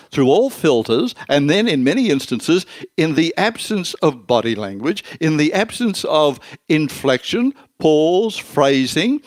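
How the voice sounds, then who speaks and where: An older man, answering interview questions as a marketing expert in an emphatic, measured lecturing way. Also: fairly high pitch, dry recording.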